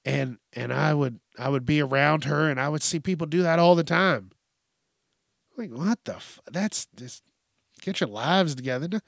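Podcast host, male, exasperated rant delivery, raspy fry in the voice, slightly high-pitched. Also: normal speed, fairly bright tone, no room sound, studio quality. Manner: profane, exasperated, mimics people in high voices. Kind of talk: casual ranting monologue.

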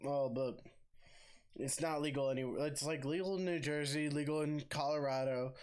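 A man's voice: on the high side, steady tone, normal speed, darkish tone. Young-sounding man rambling casually. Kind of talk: casual chat.

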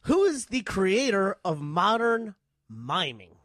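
A man's voice: high-pitched, big pitch swings, takes it slowly, fairly bright tone, dry recording. Man quizzing a friend in a dry voice. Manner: hesitant, restarts while quizzing. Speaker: podcast co-host, quizmaster. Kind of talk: casual trivia chat.

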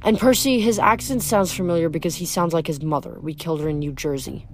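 A woman's voice: low voice, quick pace, soft background music, close to an everyday voice. A woman reading as Chrysaor, a scornful pirate villain. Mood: mocking. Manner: scornful, boastful. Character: proud bitter male pirate son of Medusa.

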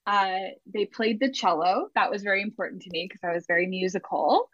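A woman from Canada speaking as a podcast guest in casual chat, halting and full of ums. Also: mid-range voice, fairly bright tone, dry recording, highs cut off. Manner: halting, many ums and uhs, laughs often.

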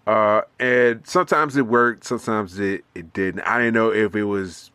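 Low-voiced laid-back man in dry sound. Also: normal speed, sharp tone, clean tone, no echo. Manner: laid-back, laughs easily. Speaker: podcast co-host. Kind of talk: casual wrestling chat.

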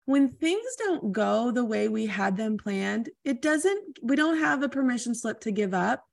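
Bright-voiced woman podcast host, a bit gravelly. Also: fairly high pitch, sing-song, a little slow, no echo, studio quality. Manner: enthusiastic, gushing, talks in long run-on thoughts. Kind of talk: casual interview chat.

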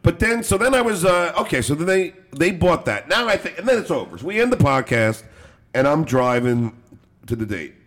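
A man hosting a podcast, telling a story in a laughing, rambling, animated way with swearing and restarts. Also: on the high side, fairly quick. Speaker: podcast host. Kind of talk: casual storytelling chat.

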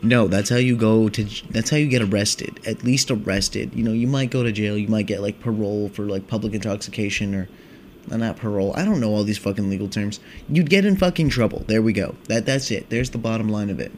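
Rambling, swearing young man with a low voice. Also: fairly quick, slight background noise. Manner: rambling, swearing, animated stoner talk. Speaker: podcast host. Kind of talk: casual rambling monologue.

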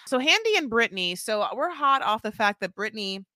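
A woman's voice: a little high, big pitch swings, a little fast, bright, forceful tone, no echo. A woman in a casual podcast chat, rambling through a reality show recap. She slips into exaggerated voices to act out what the cast says. The sound is dry and close, with no room around it. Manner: rambling, acts out people's lines in exaggerated voices. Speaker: podcast co-host.

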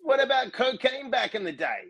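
A man's voice: very high voice, animated, normal speed, fairly bright tone. A man talking as a guest in a casual interview, emphatic and intense, repeating himself for stress.

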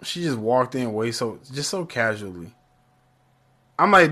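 A man casually recapping a show episode, animated and acting out characters' lines as he tells it. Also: mid-range voice, a little slow. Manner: animated, acts out lines in character voices, laughs often. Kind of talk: casual reaction chat.

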